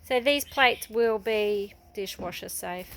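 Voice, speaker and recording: A woman's voice: medium pitch, slow, creaky, a bit bright, slight background noise. A woman teaching a casual ceramics workshop, patiently explaining each step while guiding children as they paint. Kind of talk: casual hands-on demonstration.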